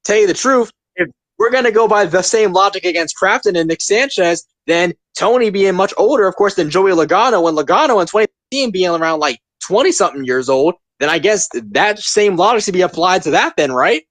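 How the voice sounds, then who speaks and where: A man's voice: high voice, expressive, fairly quick, few pauses, a bit bright, dry recording. A man in his twenties hosting a casual opinion podcast, talking emphatically and ranting, repeating his points. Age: 20s. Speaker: podcast host.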